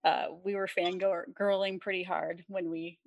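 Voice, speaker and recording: A woman's voice: fairly low pitch, little pitch movement, unhurried, creaky, muffled recording, over a noisy crowd. A woman from Michigan hosting a podcast, talking in a bubbly, giggly way. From Michigan, United States. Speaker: podcast host. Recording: dry close mic.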